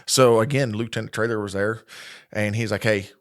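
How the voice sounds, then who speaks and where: A man with a Midwestern American accent, a podcast guest telling a story in a relaxed, rambling way with many fillers and restarts. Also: lowish voice, a little fast, no echo, clean studio sound. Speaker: podcast guest, corrections lieutenant. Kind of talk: casual storytelling interview.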